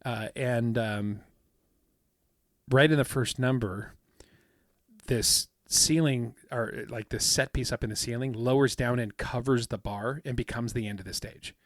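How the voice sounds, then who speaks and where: A man's voice: medium pitch, unhurried, no room sound. Rambling man telling a story, dry close mic. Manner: rambling storyteller, many fillers, acts out quotes. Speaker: podcast co-host. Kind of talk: casual chat.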